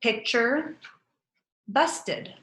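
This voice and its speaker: Slow, clear-speaking woman teacher. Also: a little high, animated, a bit bright. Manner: slow, clearly enunciated word drills. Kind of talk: phonics lesson for young children. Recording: roomy echo.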